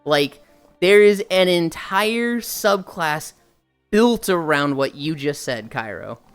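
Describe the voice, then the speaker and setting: A young woman streamer chatting casually with her viewers, telling stories in an animated, profane way. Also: deep voice, takes it slowly, clear, resonant tone, soft background music.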